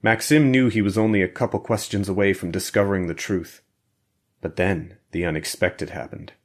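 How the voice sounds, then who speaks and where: Deep-voiced man narrating a thriller. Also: fairly even intonation, moderate pace. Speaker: audiobook narrator.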